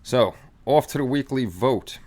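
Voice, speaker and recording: A man's voice: mid-range voice, a little slow, a little mellow. A man hosting a casual live stream, chatting loosely with many fillers and restarts. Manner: rambling, with frequent restarts and fillers.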